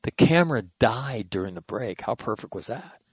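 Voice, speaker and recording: A middle-aged man hosting, telling stories in a rambling, animated way with lots of restarts and casual swearing. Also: medium pitch, moderate pace, breathy edge, no echo. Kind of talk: casual storytelling monologue.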